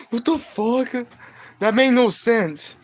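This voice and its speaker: A man's voice: very high-pitched, fairly bright tone, husky. A young man live streaming from home on his phone, chatting to his cat in slangy, profane speech. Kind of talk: casual live stream chat.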